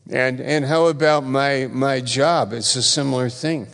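A man delivers a sermon at a slow, deliberate pace, his voice carrying a gravelly edge. He hammers key phrases again and again, swinging between loud emphatic stresses and quiet asides. The sound rings with the long reverb of a church hall. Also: mid-range voice, steady tone. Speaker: pastor.

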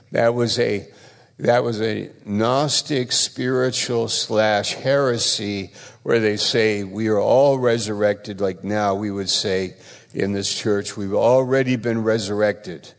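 Male pastor, unhurried and gravelly, preaching with emphatic repeats and loud stresses in a long-reverb church hall. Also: on the low side, fairly even intonation. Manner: emphatic, repeats phrases, swings between loud stresses and quiet asides. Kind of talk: sermon.

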